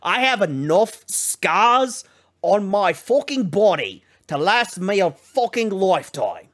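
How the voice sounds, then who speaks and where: A man voicing a crude, slow-witted male combat professor who swears constantly and talks bluntly. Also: high voice, sing-song, fairly bright tone, full character voice. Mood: gruff.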